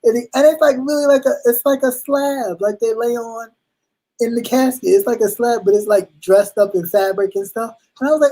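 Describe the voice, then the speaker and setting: A woman's voice: fairly high pitch, fairly quick, low-quality recording. A woman hosting a casual online chat, telling stories with lots of acted-out quotes. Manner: animated storytelling, acting out quotes. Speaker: host.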